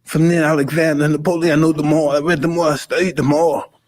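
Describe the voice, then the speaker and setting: A man in his fifties talking intensely and emotionally, profane and halting, in a casual conversation. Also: on the high side, level tone, a little mellow. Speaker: podcast host.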